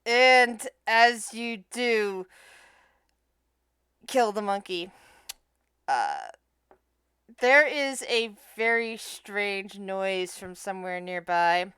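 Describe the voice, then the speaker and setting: A woman's voice: medium pitch, fairly bright tone, smooth, no room sound, clean studio sound. A woman narrating as game master of a tabletop game, describing scenes with frequent restarts. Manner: halting, restarts mid-phrase while describing scenes.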